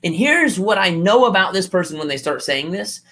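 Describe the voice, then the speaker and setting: A man's voice: high-pitched, animated, normal speed, pushed and bright. A man coaching his audience in a motivational talk. He is emphatic, repeats his key lines and acts out the doubts of the people he coaches.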